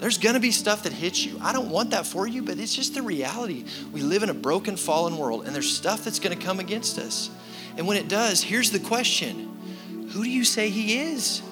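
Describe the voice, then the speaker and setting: A man in his thirties preaching a sermon as pastor, telling a story with animated shifts from loud to quiet. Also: high-pitched, moderate pace. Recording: sermon with music behind. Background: music.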